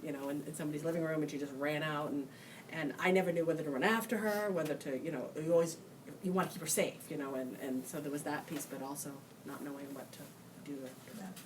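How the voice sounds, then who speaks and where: A woman with a low voice speaks on a discussion panel, earnest and quick-minded, with many fillers. She sits some way from the mic, and clear room noise comes through. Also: steady tone, distant mic. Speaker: panelist, child of a brain injury survivor.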